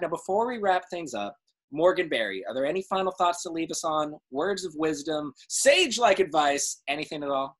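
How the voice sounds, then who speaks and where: A man's voice: on the high side, sing-song, normal speed, fairly bright tone. A man hosting a live show, upbeat and playful while chatting with a guest. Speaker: host.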